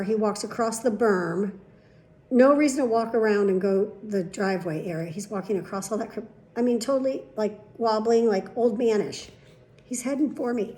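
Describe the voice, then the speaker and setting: Woman vlogger, casual storytelling monologue, profane and exasperated, voices the people she quotes, slightly high voice. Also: dark tone.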